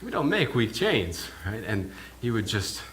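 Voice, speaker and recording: A minister playing a stammering village pig herder. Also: male voice, fairly low pitch, big pitch swings, a little slow, a bit bright, a little hiss or hum. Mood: awed. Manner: hesitant, often repeats and restarts words. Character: adult male village pig herder, awed and talkative. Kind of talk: in-character first-person sermon monologue. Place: church.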